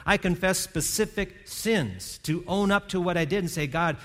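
A man's voice: high voice, moderate pace, a bit bright. A man preaching a sermon from a church stage, earnest and conversational, often restarting his words. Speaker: pastor. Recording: long hall reverb.

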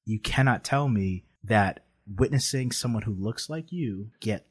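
A man with a low, slightly husky voice speaks in a relaxed, conversational way. He tells a personal story earnestly and reflectively, and his feeling comes through as he talks. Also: a little slow. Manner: earnest, reflective, emotional at times.

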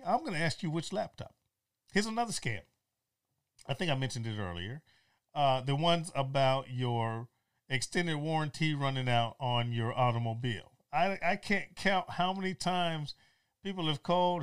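A man's voice: fairly high pitch, moderate pace, clear, resonant tone. A middle-aged man casually telling a story, blunt and joking, acting out both sides of phone calls. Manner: animated, street-wise, acts out both sides of calls.

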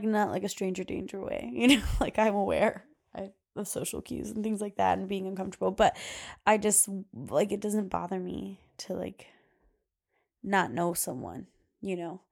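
A woman's voice: medium pitch, gravelly, darkish tone. A young adult woman hosting a podcast, talking casually and chattily with lots of fillers and frequent laughs. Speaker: podcast host. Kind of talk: casual solo podcast talk.

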